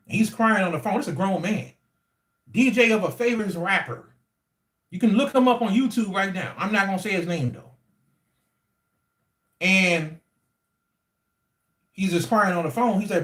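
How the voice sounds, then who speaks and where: A man telling a story casually to his livestream audience in an animated, slangy, repetitive way. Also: sits high, moderate pace, long pauses. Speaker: livestream host. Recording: echoey room.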